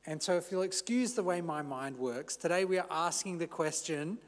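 A man preaching a sermon as pastor, measured and unhurried, with the odd casual aside. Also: fairly high pitch, long reverb tail. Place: church.

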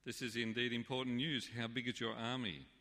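A pastor doing a pompous military dictator. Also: male voice, medium pitch, little pitch movement, a little fast, pushed and bright, in a large hall, pitched above the performer's own voice.

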